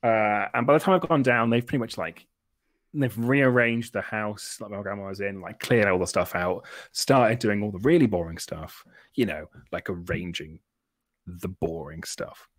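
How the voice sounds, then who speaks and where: A British podcast host in his twenties tells a long, rambling comic story full of self-deprecation and restarts. His voice sits on the low side at a normal speed, recorded without room sound.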